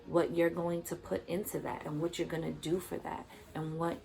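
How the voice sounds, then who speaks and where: A woman's voice: on the low side, little pitch movement, normal speed, gravelly, a little mellow, faint music behind. A woman vlogger giving motivational commentary in an emphatic, repetitive, preachy manner.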